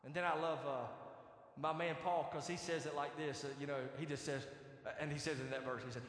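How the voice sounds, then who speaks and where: A male pastor preaching a sermon in an animated, conversational way, asking the congregation questions. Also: on the high side, a little fast. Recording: echoey hall reverb.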